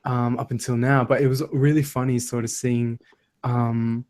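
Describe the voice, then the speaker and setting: A man's voice: medium pitch, level tone, normal speed, darkish tone. A man who is a voice actor chats with a group in an enthusiastic, easily amused way. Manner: enthusiastic, laughs often. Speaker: voice actor guest. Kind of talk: casual group chat on a live stream.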